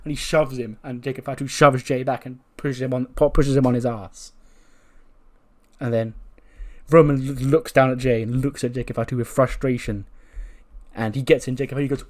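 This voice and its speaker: A man narrating his wrestling management game playthrough, telling the story lively and casually. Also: mid-range voice, moderate pace. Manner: lively storytelling, acting out characters. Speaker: game commentator.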